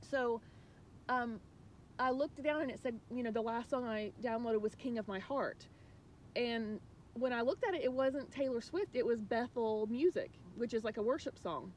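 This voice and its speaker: A woman's voice: on the high side, normal speed, slight background noise. A woman spiritual coach talking casually and earnestly to viewers, rambling with many restarts and sharing emotional, confiding thoughts.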